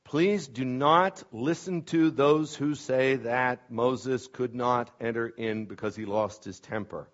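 A man's voice: medium pitch, takes it slowly, hardly any pauses. Emphatic male preacher, dull lo-fi sound. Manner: emphatic, swings between loud stresses and quiet asides. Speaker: pastor. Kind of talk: sermon. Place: church sanctuary.

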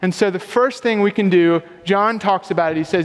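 Conversational young pastor in a reverberant hall. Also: male voice, high voice, a little fast. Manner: casual, conversational, self-deprecating humor. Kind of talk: sermon.

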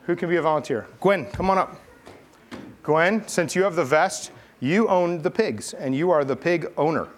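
This pastor's voice sits on the high side at a moderate pace, with a little hiss or hum in the recording. He's giving a children's message, telling a Bible story playfully and chattily while coaxing and guiding the kid volunteers.

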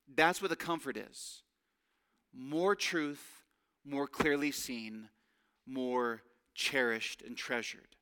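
A man's voice: a little high, sharp tone. A man preaching a sermon, earnest and emphatic, drawing out key phrases.

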